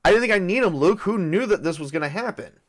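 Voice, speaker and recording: A woman's voice: fairly low pitch, expressive, quick pace, pitched above the performer's own voice. A man putting on a blunt, dismissive ex-wife. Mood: offhand. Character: blunt unapologetic woman, ex-wife, offhand and defensive.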